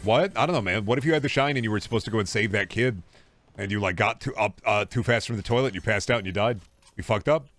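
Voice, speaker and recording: A young man streaming a video game, chatting casually with a rambling, jokey, profane manner and sudden excited outbursts. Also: fairly low pitch, quick pace, faint music behind. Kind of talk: casual gaming stream chat.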